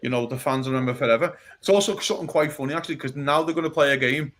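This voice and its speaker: A man talking football on a podcast, blunt and animated, swearing and often asking "do you know what I mean". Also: medium pitch, racing. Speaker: podcast co-host. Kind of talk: casual football chat.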